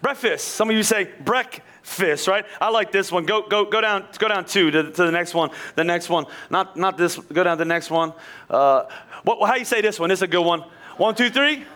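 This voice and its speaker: Bright-voiced high male preacher. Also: normal speed. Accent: Pennsylvania. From Pennsylvania. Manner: energetic, repeats words, jokes with the congregation. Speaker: pastor. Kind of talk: sermon.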